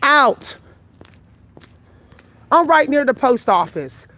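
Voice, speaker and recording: A woman's voice: sits high, sing-song, slow pace, a bit bright. A tired, out-of-breath woman in her forties talks bluntly and profanely to her viewers while walking outdoors at night, filming on a phone. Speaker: vlogger. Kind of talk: live vlog while walking. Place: outdoors on a night street walk.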